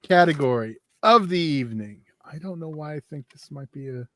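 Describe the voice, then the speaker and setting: Co-host, male, slightly high-pitched, blunt, swears a lot, bossy about the running order; dry mic. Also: expressive, normal speed, bright, forceful tone, dry recording. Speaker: podcast co-host. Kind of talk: casual chat.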